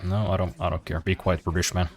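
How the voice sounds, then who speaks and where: A man streams a racing game, offering casual commentary with dry, self-deprecating humor and offhand swearing. He talks fast in a deep voice with a flat delivery.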